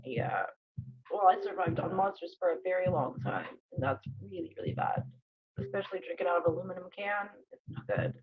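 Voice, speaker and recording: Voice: medium pitch, expressive, fairly quick. A guest on a livestream talks bluntly and swears freely. The voice sits in a middle register. The audio is dull and lo-fi. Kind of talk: casual chat.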